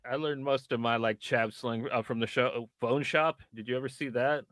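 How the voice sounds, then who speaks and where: A man's voice: medium pitch, steady tone, normal speed, a bit bright, no echo. A man chatting casually on a livestream, laid-back and trailing off while he searches for names.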